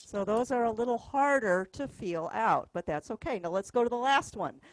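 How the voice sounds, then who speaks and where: A woman's voice: a little high, lively intonation, normal speed, dry recording, poor audio. A woman teaching a music workshop, patiently explaining rhythms by counting and singing the notes aloud. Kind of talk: classroom instruction. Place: music store classroom.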